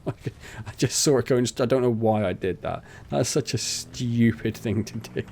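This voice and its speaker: A young man, host of a gaming channel, plays a farming game and rambles casually in let's play style, chatty and poking fun at himself. He talks unhurriedly in a medium pitch, creaky and a little mellow, with a faint hiss or hum in the recording.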